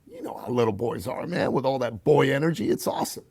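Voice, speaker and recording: A man appearing as a podcast guest tells a personal story at a fast clip, calling the listener "brother" and acting out quoted voices with big pitch jumps. His voice is creaky with a breathy edge, and there's no echo.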